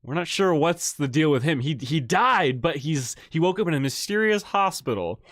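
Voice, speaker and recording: A man hosting a livestream, reading an AI-written story aloud and reacting excitedly, often repeating himself. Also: fairly high pitch, normal speed, no room sound, studio quality. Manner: excitable, laughing and tripping over words. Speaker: livestream host.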